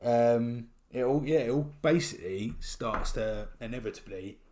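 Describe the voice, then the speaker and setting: A man with a British accent co-hosting a podcast, talking in a relaxed, thoughtful way with many fillers. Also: medium pitch, normal speed. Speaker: podcast co-host. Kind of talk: casual chat.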